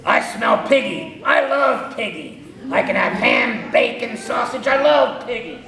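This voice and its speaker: A man's voice: extremely high pitch, huge pitch swings, a little slow, creaky, sharp tone, full character voice. A man voicing a hungry, greedy Big Bad Wolf in an exaggerated storytelling manner, heard in an echoey room with listeners around.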